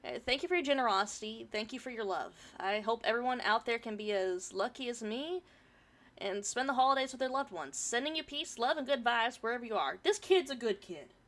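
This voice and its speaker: A woman's voice: fairly high pitch, expressive, a little fast, a bit bright. A woman streamer reading a forum story aloud and chatting about it, swearing casually, her throat a bit irritated from pollen.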